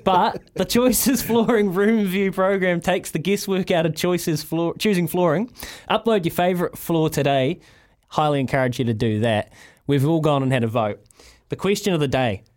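A man's voice: a little high, normal speed, a little mellow. A man with a New Zealand accent hosting a sports radio breakfast show, joking and laughing as he talks. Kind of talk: lively sports radio banter. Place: radio studio.

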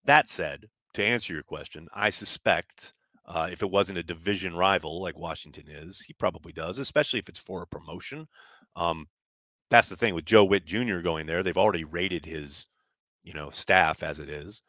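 Deep-voiced, blunt sports podcast host. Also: male voice, normal speed, bright, forceful tone, no room sound, studio quality. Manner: blunt and loose, swears freely. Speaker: podcast host reading viewer chat. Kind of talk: casual live-stream sports talk. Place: New York.

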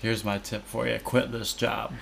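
A man's voice: lowish voice, level tone, normal speed, creaky, fairly bright tone. A man co-hosting a podcast in casual chat, laid-back and teasing, laughing often. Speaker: podcast co-host.

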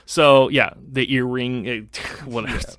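A middle-aged man tells a story on a podcast in a loose, profane way and acts out the other people's lines. He sits close to a dry studio mic with no room sound. His pitch is average for a man. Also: steady tone, unhurried, fairly bright tone, no room sound. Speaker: podcast co-host. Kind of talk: casual storytelling chat.

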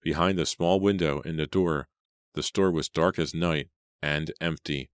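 A man reading an audiobook aloud, with measured, dramatic narration. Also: a bass voice, steady tone, no room sound, studio quality.

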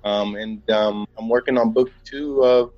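A man's voice: lowish voice, fairly even intonation, a little slow, dry recording. A man chatting as a guest on a podcast in a loose, rambling way, dull lo-fi recording. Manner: rambling, laid-back, full of fillers and "man". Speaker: podcast guest, actor and author. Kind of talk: casual interview chat.

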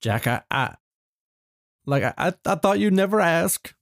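A man playing a touchy, vain young female pop star who snaps back with quick, accusing retorts in an improvised comedy scene. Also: high voice, expressive, creaky, no echo, studio quality, voice pushed up, exaggerated voice. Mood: giddy.

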